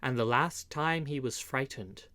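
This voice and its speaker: A man narrating an old-fashioned adventure story, reading it aloud in a measured, expressive way. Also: medium pitch, no room sound. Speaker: audiobook reader.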